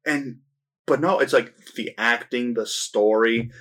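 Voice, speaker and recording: A man chatting casually about movies on a podcast, eager and rambling, often restarting his sentences. His voice sits at a middle pitch for a man. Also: a little slow, fairly bright tone. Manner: enthusiastic, rambling with restarts and laughs. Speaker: podcast co-host. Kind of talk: casual film review chat.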